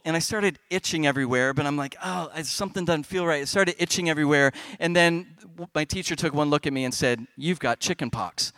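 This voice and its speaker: A middle-aged man speaking on stage at a youth festival, telling a comic personal story to kids with big swings in loudness. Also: sits high, clean tone, dry recording.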